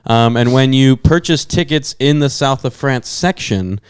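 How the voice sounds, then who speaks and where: A man's voice: medium pitch, measured pace, clean tone. A young man telling a long story to his podcast co-hosts, full of fillers and asides. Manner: rambling storyteller with many fillers. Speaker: podcast co-host. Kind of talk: casual chat.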